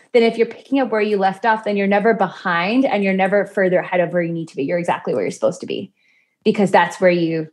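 A woman's voice: mid-range voice, darkish tone. A woman guest on a podcast, talking in a chatty way about chanting practice, laughing now and then. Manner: chatty, laughs often, acts out quoted voices. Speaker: podcast guest, yoga and mantra teacher. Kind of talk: conversational interview.

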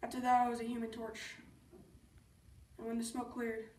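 A woman reciting a first-person poem as a student, reading deliberately with pauses. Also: fairly high pitch, monotone, darkish tone, a little hiss or hum. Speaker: student reader. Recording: echoey room, voice from far off.

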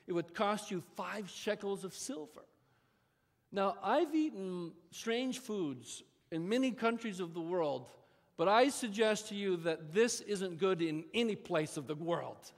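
A male pastor preaching a sermon in a church, talking in a conversational, folksy way with asides to the congregation. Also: high voice. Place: church sanctuary. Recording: long reverb of a church hall.

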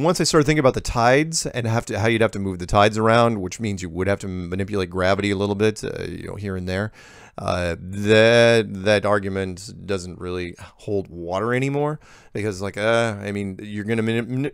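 A man hosting a show, reading viewer emails aloud and answering them in a halting way, often restarting his sentences. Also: fairly low pitch, clean tone, no room sound, studio quality. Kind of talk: casual reading and commentary.

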